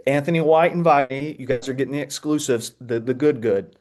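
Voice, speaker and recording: A man, presenting a webinar over a video call in an excitable, playful way with frequent restarts. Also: mid-range voice, a little fast. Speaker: edtech presenter. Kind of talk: energetic webinar talk.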